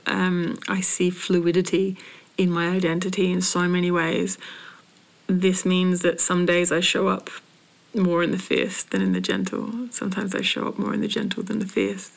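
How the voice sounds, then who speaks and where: A woman from Britain, a spoken word poet and coach, hosting a podcast in a slow, searching monologue with restarts and soft breathy passages. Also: on the low side. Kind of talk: reflective solo podcast monologue.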